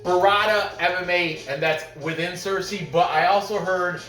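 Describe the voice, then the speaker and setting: A man's voice: high voice, steady tone, moderate pace, a bit bright, echoey room, recorded from a distance, faint music behind. A man hosting a casual podcast who rambles through fight picks, joking and laughing often. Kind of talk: casual chat.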